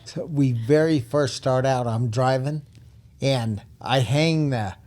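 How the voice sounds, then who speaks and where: A man's voice: mid-range voice, slow, a little mellow. An older man, a retired police officer, telling stories in a blunt, emphatic way with frequent laughs on a podcast microphone. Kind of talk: casual storytelling.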